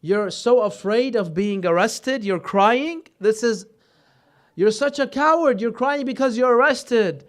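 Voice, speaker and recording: A man voicing a mocking male cavalry leader who taunts his captive in a clear, raised voice. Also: high-pitched, takes it slowly, hardly any pauses, voice pushed up. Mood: taunting. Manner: taunting, scornful.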